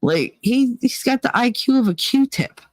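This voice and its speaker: A woman's voice: fairly high pitch, unhurried, no echo. A woman telling a story in casual chat, acting out quoted lines with feeling. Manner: animated, emotional, acts out quotes. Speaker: streamer.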